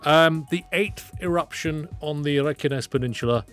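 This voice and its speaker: A man's voice: fairly high pitch, normal speed, a bit bright, soft background music. A man hosting a radio show in a studio, chatting easily with a colleague in a friendly, conversational way. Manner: chatty, easygoing, friendly banter. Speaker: radio host.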